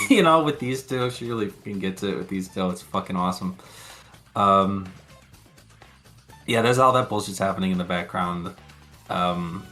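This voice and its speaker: A man's voice: on the low side, fairly bright tone. A man co-hosting a podcast, chatting casually and rambling through episode recaps, swearing freely and laughing often. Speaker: podcast co-host.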